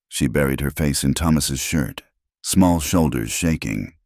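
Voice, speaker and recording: Very deep-voiced male narrator. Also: unhurried, gravelly, darkish tone, no room sound, clean studio sound. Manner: dramatic storytelling. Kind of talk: scripted narration.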